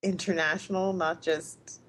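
A woman in a casual group chat, telling stories in an animated way and laughing often. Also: fairly low pitch, unhurried, slight background noise. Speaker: podcast co-host.

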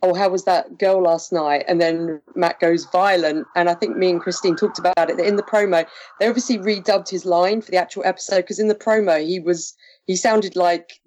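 Podcast co-host, woman, lowish voice, chatty recapper who leans on fillers. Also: steady tone, a little fast, darkish tone. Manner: chatty, laughs often, recaps with many fillers. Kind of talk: casual chat.

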